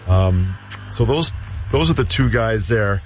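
A man's voice: on the low side, animated, measured pace, dull audio, a little hiss or hum. A man, a former hockey player, telling stories in casual sports chat with many fillers and restarts.

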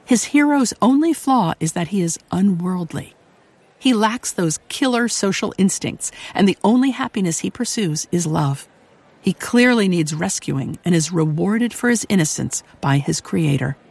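A woman presenting a radio program in measured, scripted commentary. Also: fairly low pitch, animated, vocal fry, a little mellow, slightly rough. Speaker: radio host.

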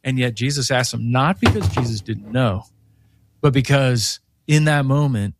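A man who is an author and guest on a faith radio show, telling stories in an animated way and acting out the quoted voices. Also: medium pitch, moderate pace, heavy background noise.

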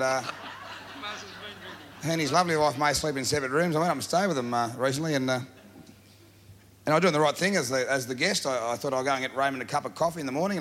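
A man's voice: medium pitch, fairly bright tone. A man with an Australian accent telling comic stories in a drawling, laid-back way full of filler sounds. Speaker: comedian telling yarns. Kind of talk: stand-up storytelling.

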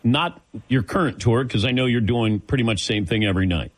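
A man hosts a relaxed interview and asks his guest questions. He jokes around and laughs along with the guest's answers. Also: mid-range voice, brisk. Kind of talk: casual interview chat.

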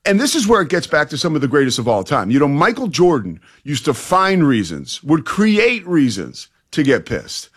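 A man's voice: on the high side, sing-song, moderate pace, few pauses, breathy edge. A man co-hosting a sports talk radio show, giving firm, emphatic opinions into a studio mic.

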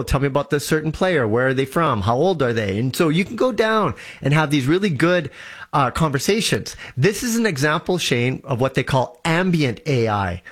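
A man's voice: mid-range voice, fairly bright tone. A man explaining tech in an eager, casual way, often restarting his sentences. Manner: enthusiastic, restarts a lot. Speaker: tech guest on a show.

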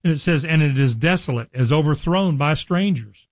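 A man preaching a sermon, reading scripture slowly and explaining it in an earnest, conversational way to his listeners. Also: a little high, dry recording, rough recording. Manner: addresses listeners directly.

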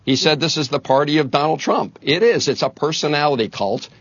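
A man speaking as a senator in a live TV news interview, talking emphatically with frequent fillers and building to forceful points. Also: fairly high pitch, a little fast, slightly rough, no room sound. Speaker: senator guest. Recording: dull lo-fi broadcast audio.

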